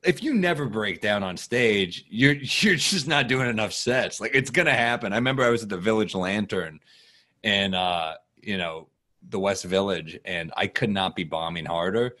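A man telling profane, animated stories as a guest comedian in casual podcast chat. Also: on the low side. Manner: animated, profane, fast-shifting storyteller.

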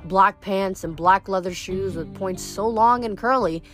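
Woman reading a book out loud, lively storytelling, faint music behind. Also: mid-range voice, unhurried. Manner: lively storytelling with small slips. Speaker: audiobook narrator. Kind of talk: reading a novel aloud.

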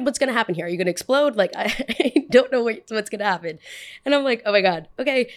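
Young woman host, casual storyteller, animated, voices the people in her story. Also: a little high, fast talker. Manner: animated, acts out both sides of a dialogue. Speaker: podcast host.

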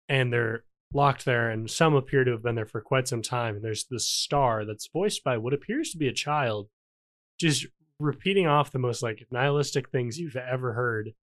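A young man co-hosting a podcast, telling anecdotes casually with dry humor. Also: medium pitch. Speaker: podcast co-host. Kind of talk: casual chat.

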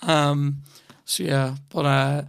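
A man's voice: fairly high pitch, little pitch movement, slow, gravelly, clear, resonant tone. A man in his thirties with a Northern Irish accent, hosting a podcast and telling long, rambling, sweary stories in casual chat. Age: 30s. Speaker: podcast host.

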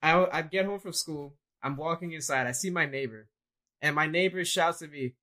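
A young adult man co-hosting a casual chat, an animated storyteller who acts out what people said. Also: on the high side, moderate pace. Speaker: co-host.

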